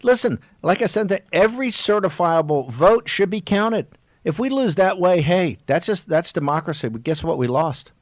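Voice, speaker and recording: A man hosting a political talk radio show, exhorting his listeners with emphatic, drawn-out stressed words and frequent restarts. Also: high-pitched, expressive, dry recording, studio quality.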